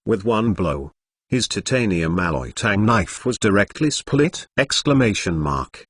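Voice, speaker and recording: Synthetic male narrator with a lively, swooping pitch. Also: unhurried, husky, no room sound, studio quality. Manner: reads punctuation aloud, like "exclamation mark" and "dot dot dot". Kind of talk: machine-read novel narration.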